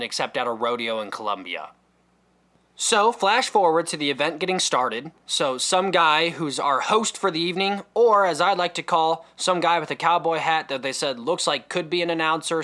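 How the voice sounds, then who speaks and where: A man telling a comedic story and acting out the voices of other people. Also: moderate pace. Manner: animated, acts out other people's voices with big pitch jumps. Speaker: comedy podcast host.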